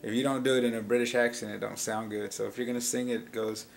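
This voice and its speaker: A man's voice: mid-range voice, level tone, quick pace, vocal fry, slight background noise. A man giving a casual step-by-step guitar lesson, explaining chord shapes plainly and easygoingly. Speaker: guitar teacher. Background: acoustic guitar being played.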